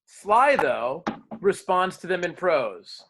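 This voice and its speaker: Guy teaching a drama class, pitched a bit high, lively and quizzing students. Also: takes it slowly, noisy background. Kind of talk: classroom lecture.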